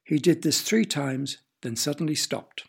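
A man narrating a children's story in a gentle, playful way, sometimes asking the listener questions. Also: on the high side, a little slow, creaky, husky.

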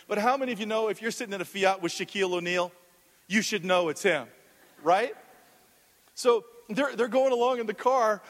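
A man preaching as pastor, telling stories and quizzing the congregation, often restarting his sentences. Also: high voice. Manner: storytelling with audience questions, frequent restarts. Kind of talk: sermon. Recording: long hall reverb.

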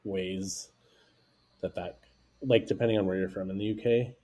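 A man's voice: deep voice, steady tone, moderate pace, mellow. A man from the United States co-hosting a podcast, chatting casually and rambling with lots of fillers. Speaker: podcast co-host. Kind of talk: casual chat.

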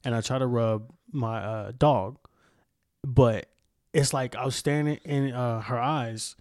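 A man's voice: medium pitch, unhurried, dry recording, clean studio sound. A young man hosting a casual podcast, telling a story in a candid, rambling way with lots of swearing. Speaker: podcast host.

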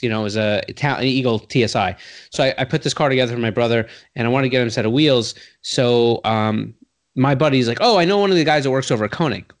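A man, telling a long personal story in casual talk, acting out the voices of the people in it, full of "like" and restarts. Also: medium pitch. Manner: animated, acts out quoted voices with sudden loud jumps; heavy use of "like" and restarts, swears casually. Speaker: guest telling his career story.

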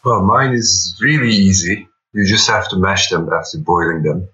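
Male co-host, very low pitch, sharp timbre, dry remarks, dull lo-fi recording. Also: normal speed. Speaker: podcast co-host. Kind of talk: casual chat.

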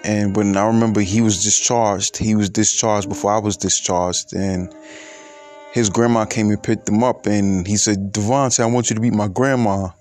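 A man of twenty-eight telling a personal story in a halting, reflective way, with many fillers and restarts. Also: lowish voice, fairly even intonation, darkish tone, soft background music. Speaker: podcaster.

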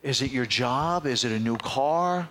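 Middle-aged male pastor, lively church storyteller who slips into other people's voices mid-sermon. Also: mid-range voice, measured pace, a little hiss or hum. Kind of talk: sermon with personal stories. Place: church sanctuary.

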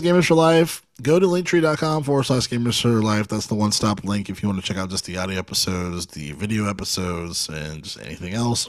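A man hosting a casual gaming podcast, laughing along and reading out the show's plugs in a relaxed way. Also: lowish voice, no room sound. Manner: laughs often, reads show plugs in a relaxed way. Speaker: podcast host. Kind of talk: casual chat.

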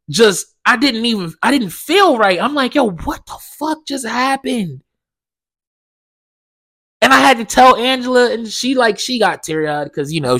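Slow-talking high-voiced podcast man. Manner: animated storytelling with heavy swearing and quoted dialogue. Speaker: podcast host. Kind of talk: casual solo podcast storytelling.

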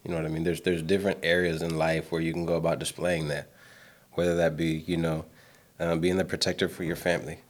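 A man co-hosting a podcast who makes his points in a measured, reflective way and keeps checking that the others follow. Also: low-pitched, little pitch movement. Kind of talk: casual podcast discussion.

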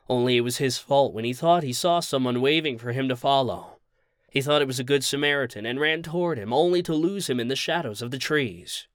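Male podcast storyteller, measured and steady, close dry mic. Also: mid-range voice, no room sound. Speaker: podcast narrator. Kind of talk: audiobook story reading.

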